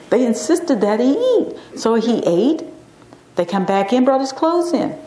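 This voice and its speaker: A woman's voice: on the high side, expressive, brisk, warm tone. Chatty woman lecturing in an echoey classroom. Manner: chatty storyteller, acts out quotes animatedly. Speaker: acupuncture physician giving a class talk.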